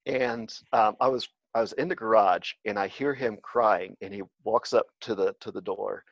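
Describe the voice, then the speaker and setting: A man's voice: fairly low pitch, normal speed, no room sound. A man talking casually as an interview guest, hesitant and full of fillers and restarts, heard on a dull, slightly lo-fi recording. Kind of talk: casual conversation.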